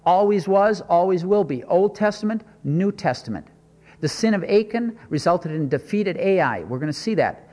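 A man's voice: high voice, animated, normal speed, dark tone, long reverb tail. A man preaching a sermon, stressing and repeating his points and asking rhetorical questions.

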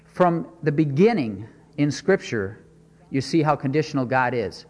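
A man's voice: mid-range voice, expressive, normal speed, darkish tone, big-room sound. A man preaching a sermon, stressing and repeating his points and asking rhetorical questions.

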